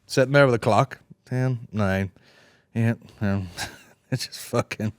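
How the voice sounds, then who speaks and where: A Northern Irish man in his thirties holds forth alone on his podcast, swearing freely and rambling from joke to joke while he acts out bits of other people's talk. His throat is sore, his pitch sits mid-range, and the close mic sounds very dry, with no room to it. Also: a little slow, no echo. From Northern Ireland. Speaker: podcast host. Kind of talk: solo comedic podcast rant.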